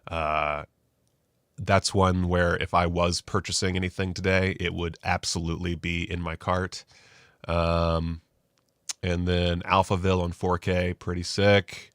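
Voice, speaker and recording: Low-voiced male host, loose rambling delivery, dry close mic. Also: flat delivery, unhurried, no echo. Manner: rambling, self-deprecating, loose and profane. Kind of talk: casual live-stream chat.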